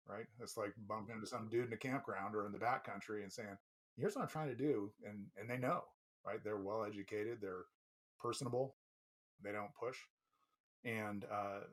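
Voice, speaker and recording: A man being interviewed as a company president, talking thoughtfully and loosely with fillers and restarts. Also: lowish voice. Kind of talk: casual interview chat.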